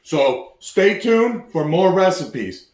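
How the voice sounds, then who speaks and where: Joking cooking vlogger in an echoey kitchen. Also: male voice, high voice, big pitch swings, slow, a little mellow. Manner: loose, joking, hypes viewers, talks while eating. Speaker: home cooking video host. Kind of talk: casual cooking demonstration.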